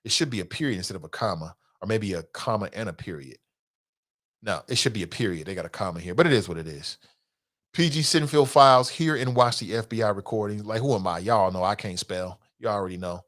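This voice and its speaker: A man's voice: lowish voice, expressive, fast, fairly bright tone. A man hosting a casual morning talk show, speaking off the cuff, often laughing and slipping into quoted voices. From Cincinnati area.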